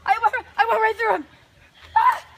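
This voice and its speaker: A woman acting in an amateur horror skit in a backyard at night, panicky, switching between shouting and whispering. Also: very high voice, lively intonation, normal speed. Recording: noisy outdoor home recording.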